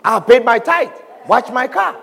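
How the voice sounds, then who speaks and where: A man's voice: very high-pitched, expressive, unhurried, vocal fry, husky, heavily acted. A preacher doing an indignant, whining man. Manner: shouting, complaining. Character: indignant, whiny tithe-paying man shouting at angels. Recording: reverberant hall, faint congregation.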